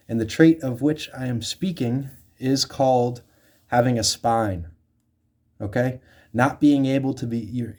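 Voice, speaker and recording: A young man giving casual life advice, swearing freely and acting out quotes in a loose storytelling way. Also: mid-range voice. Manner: swears freely, many fillers, animated acted-out quotes. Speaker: self-help speaker.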